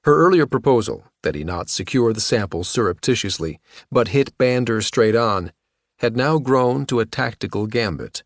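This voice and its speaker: A man narrating an audiobook in a measured, even-toned reading voice. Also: mid-range voice, no echo, studio quality. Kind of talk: scripted narration.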